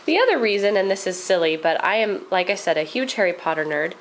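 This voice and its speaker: A woman talking casually through a show-and-tell of her handiwork, her voice at an everyday middle pitch. She rambles a little, with plenty of ums and restarts. A faint hum of room noise sits behind her. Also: big pitch swings, quick pace, rough recording. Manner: chatty, rambling, frequent ums. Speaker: craft vlogger.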